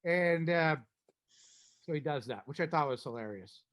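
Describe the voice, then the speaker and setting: A man's voice: on the high side, expressive, moderate pace, fairly bright tone. A man hosting a podcast, chatting casually and animatedly about a strategy game, rambling and restarting his sentences often. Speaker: podcast host. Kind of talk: casual chat recapping an online strategy game.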